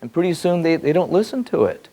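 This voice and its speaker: A man giving a spiritual talk to a group, his pitch lively and wide-ranging. He repeats words and restarts his sentences as he thinks aloud. His voice moves from soft, low musing to sudden excited bursts. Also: quick pace. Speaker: spiritual teacher. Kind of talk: spoken teaching to a group.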